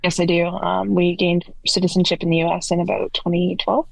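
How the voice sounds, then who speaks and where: A woman's voice: on the low side, little pitch movement, brisk, gravelly, no echo, poor audio. A woman in her forties from Canada, a podcast guest earnestly recounting her story in detail. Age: 40s. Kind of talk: storytelling interview answers.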